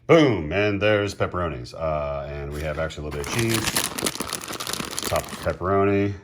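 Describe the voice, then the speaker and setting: Low-voiced chatty man cooking at home. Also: moderate pace, heavy background noise. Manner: chatty, laughs often, excitable. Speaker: home cook. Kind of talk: casual cooking vlog.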